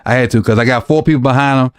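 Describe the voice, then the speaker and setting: A man hosts a sports call-in show, laid-back and chuckling between callers. His mid-pitched voice sounds close and dry, with no room around it. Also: rapid-fire, clear, resonant tone, dry recording. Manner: laid-back, laughing, short affirmations. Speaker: host.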